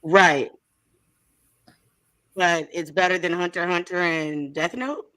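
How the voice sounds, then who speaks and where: A woman's voice: lowish voice, steady tone, slow pace, a bit bright. A woman hosting a casual chat, laughing easily and correcting herself in a flustered way. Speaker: podcast host.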